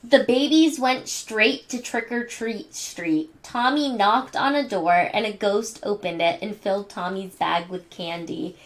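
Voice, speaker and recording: A woman reading a bedtime story aloud to children in a gentle manner. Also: medium pitch. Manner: gentle, slow reading to kids. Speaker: storybook reader.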